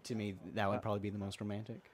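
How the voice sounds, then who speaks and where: A man's voice: lowish voice, monotone, very fast. A man co-hosting a casual podcast chat, often stammering and repeating words as he starts his sentences. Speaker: podcast co-host.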